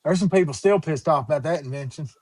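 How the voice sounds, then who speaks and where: A man's voice: on the high side, quick pace, a little mellow. A man co-hosting a podcast, blunt and swearing freely in casual chat.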